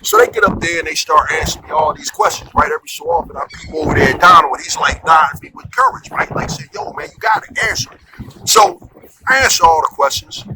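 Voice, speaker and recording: A man spins a comic story in loose, colloquial talk, his voice leaping widely in pitch. He sits a bit higher than most men. A clear layer of noise runs under the recording. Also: quick pace. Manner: animated, conversational, colloquial.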